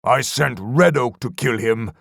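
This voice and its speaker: A man voicing a boastful ogre warrior in an audiobook, speaking loud, halting, broken sentences. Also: mid-range voice, gravelly, no echo, studio quality. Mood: boasting.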